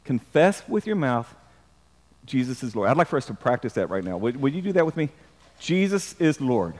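A man's voice: mid-range voice, very animated, moderate pace, darkish tone, in a large hall. A man preaching a sermon as pastor, emphatic, repeating words and drawing the congregation into responses.

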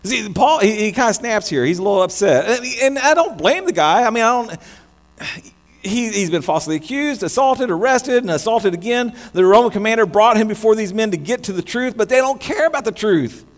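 High-voiced American pastor in echoing hall. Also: male voice, a little fast. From United States. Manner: animated, many restarts and stammers. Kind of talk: sermon. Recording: long hall reverb with mains hum.

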